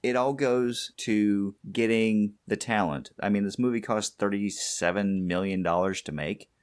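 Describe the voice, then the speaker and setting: Casting: low-voiced man, relaxed podcast co-host, chatty and laughing. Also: a little slow, smooth. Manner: laughs often, chatty movie riffing. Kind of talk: casual chat.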